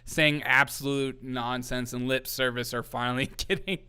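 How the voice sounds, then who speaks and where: A man's voice: medium pitch, little pitch movement, normal speed, pushed and bright, clear, resonant tone. Sarcastic male comedy host. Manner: sarcastic, laughs often. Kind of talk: casual comedic commentary.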